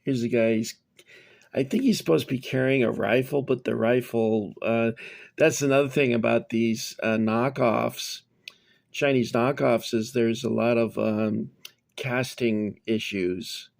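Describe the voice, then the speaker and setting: Middle-aged man, gravelly voice, rambling casual show-and-tell, digressive. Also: mid-range voice, steady tone, measured pace, darkish tone. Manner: rambling, digressive, many fillers. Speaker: toy collector reviewing figures.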